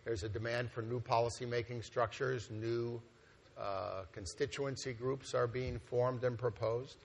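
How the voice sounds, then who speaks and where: A man's voice: mid-range voice, steady tone, a little slow, gravelly, a little hiss or hum. A man presenting a plan to a meeting, conversational and loose, with frequent fillers and restarts. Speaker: organization executive presenting a plan. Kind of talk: conference presentation. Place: meeting hall at a conference.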